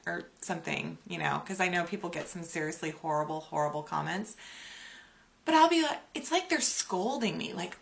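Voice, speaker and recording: A woman's voice: lowish voice, moderate pace, creaky. A woman in her forties, a beauty vlogger talking casually and animatedly to her viewers. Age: 40s. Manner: chatty, animated, acts out quoted voices. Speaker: beauty YouTuber. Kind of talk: casual chatty vlog.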